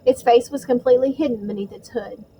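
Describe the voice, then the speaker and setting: A woman narrating a storybook chapter in a measured, suspenseful way. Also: on the high side, mellow, slight background noise, rough recording. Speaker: audiobook reader.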